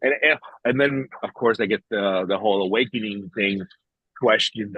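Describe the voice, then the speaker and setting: A man's voice: lowish voice, brisk, breathy edge, no room sound. A man in casual podcast chat, ranting in a profane, exclamatory way. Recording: dull, slightly lo-fi recording.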